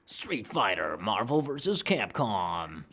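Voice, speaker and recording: A man's voice: fairly low pitch, sing-song, slow, fairly bright tone, a little hiss or hum. A man giving casual, profane gameplay commentary with drawling, mumbled asides. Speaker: gaming youtuber.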